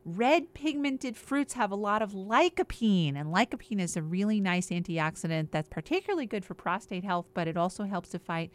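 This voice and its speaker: A woman's voice: medium pitch, lively intonation, normal speed, hardly any pauses. A woman on a regular show, talking in an upbeat, chatty way as she explains things and lists example after example. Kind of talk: casual explanatory health chat.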